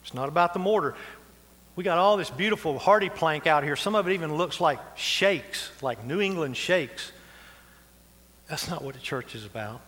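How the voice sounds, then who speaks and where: Folksy preacher in a reverberant church. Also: male voice, a little high, lively intonation, normal speed, a bit bright. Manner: folksy, conversational preaching with asides and laughs. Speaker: pastor. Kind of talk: sermon. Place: church sanctuary. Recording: long reverb of a church hall.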